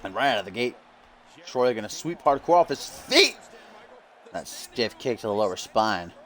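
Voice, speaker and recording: A man's voice: fairly low pitch, sing-song, normal speed, fairly bright tone. A man hosting casual video game wrestling commentary, joking and swearing with his co-hosts. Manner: joking, profane, laughs often. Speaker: host and commentator.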